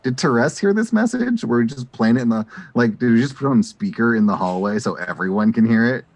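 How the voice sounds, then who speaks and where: A man's voice: medium pitch, expressive, quick pace, dry recording. A man playing a tabletop role-playing game, chatting enthusiastically about his character. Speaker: player. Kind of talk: tabletop role-play chat.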